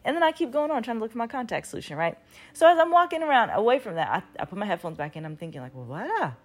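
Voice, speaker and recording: A woman's voice: on the high side, very animated, very fast. A woman in her thirties telling a story in a casual vlog, rambling with lots of "like" and restarts, and swearing freely. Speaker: vlogger.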